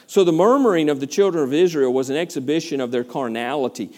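A man teaching a verse-by-verse Bible study as a pastor, preaching with energy, acting out voices and questioning his listeners. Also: fairly high pitch. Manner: animated preaching, acts out complaining voices, asks the listeners questions.

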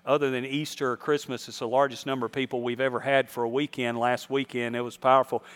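A man's voice: medium pitch, flat delivery, fast, a bit bright. A middle-aged man, a pastor telling a funny story from the pulpit to his congregation during a church service. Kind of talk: sermon.

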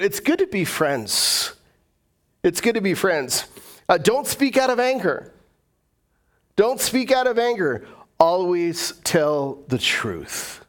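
Middle-aged male pastor, fairly high voice, chatty joking sermon delivery. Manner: conversational, joking, acts out inner voices. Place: church.

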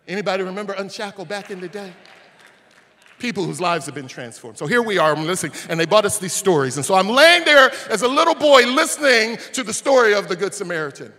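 Bright-voiced preacher in a big reverberant church. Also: male voice, high voice. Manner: storytelling, rising to shouts at peaks. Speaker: pastor. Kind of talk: sermon. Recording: long hall reverb.

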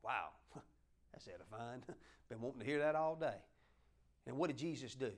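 A man's voice: medium pitch, lively intonation, normal speed. A man preaching a folksy sermon, joking with his congregation and asking them to help him along. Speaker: pastor.

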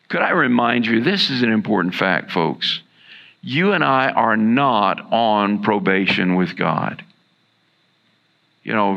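A man preaching a sermon as pastor, earnest and repeating key lines for emphasis, with a gravelly voice. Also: lowish voice, sharp tone, dull audio.

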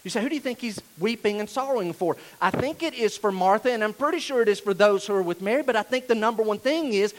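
A pastor delivers a sermon in a high, light voice. He keeps it conversational, sinking into hushed stretches before building back up to emphatic points. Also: lively intonation, fast, hardly any pauses, rough recording.

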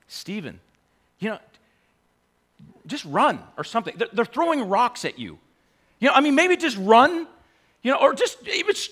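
A man preaching a sermon in an animated way, full of mocking rhetorical questions and frequent laughter. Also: extremely high pitch, creaky.

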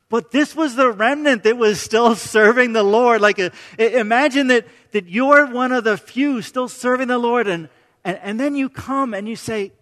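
A man with a notably high voice delivers a sermon in a loose, conversational way. He restarts phrases and tosses in quick "right?" check-ins. His voice carries a long reverb tail, as in a large sanctuary. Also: a bit bright. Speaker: preacher.

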